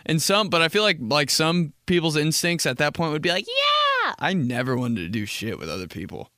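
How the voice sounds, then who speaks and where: A young man in his twenties hosting a casual solo podcast, rambling and animated, with lots of "like" filler and quick jumps into jokey high voices. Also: dry recording, studio quality. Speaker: podcast host.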